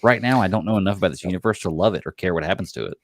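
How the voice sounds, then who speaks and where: A man co-hosting a podcast, talking casually and telling things in an animated, exasperated way with many restarts. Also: low voice, rapid-fire, no echo. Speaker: podcast co-host. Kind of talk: casual chat.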